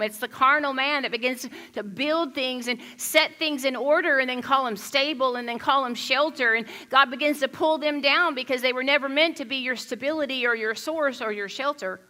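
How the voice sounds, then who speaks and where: A woman from the United States giving a conversational sermon, animated and chatty, telling stories with frequent restarts. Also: high-pitched, moderate pace, hardly any pauses. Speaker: pastor.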